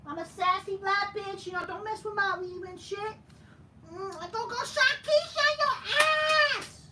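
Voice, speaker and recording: A man putting on a sassy, brash woman fussing over her weave, crude and mock-sassy with drawn-out hums. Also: extremely high pitch, sharp tone, reverberant, distant mic, a little hiss or hum, pitched above the performer's own voice, full character voice.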